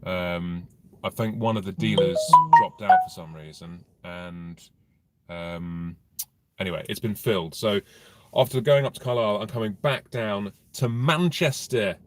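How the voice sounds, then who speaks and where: A man's voice: lowish voice, measured pace, noisy background. Blunt, sweary man chatting. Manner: rambling, blunt and sweary, with dry humour. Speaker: motorcycle vlogger answering viewer questions. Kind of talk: casual live Q&A chat.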